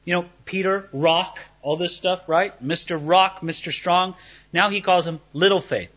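A man preaching a sermon, telling the story with lively rhetorical questions and animated emphasis. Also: high-pitched, a little slow, dull audio. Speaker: pastor.

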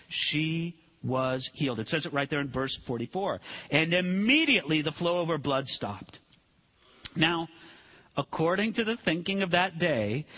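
A man preaching a sermon to a congregation, animated and acting out the people in the story. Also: sits high, breathy edge. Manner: animated, acts out quoted voices. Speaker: pastor.

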